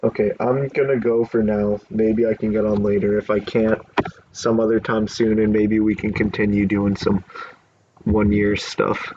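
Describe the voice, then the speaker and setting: A man hosting a podcast in casual chat, relaxed and joking, swearing now and then. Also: fairly low pitch, normal speed, highs cut off, a little hiss or hum. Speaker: podcast host.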